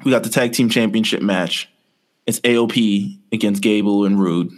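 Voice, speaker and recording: A man's voice: fairly low pitch, fairly even intonation, normal speed. A man co-hosting a podcast, casually rambling through a story with lots of fillers. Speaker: podcast co-host. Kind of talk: casual chat.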